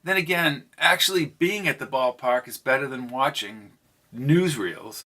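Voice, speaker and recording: A man's voice: mid-range voice, unhurried, pushed and bright. A man reading an audiobook, voicing a mysterious young woman from the future with a perky, proper, almost British accent. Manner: perky but proper, guarded. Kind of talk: audiobook character voice.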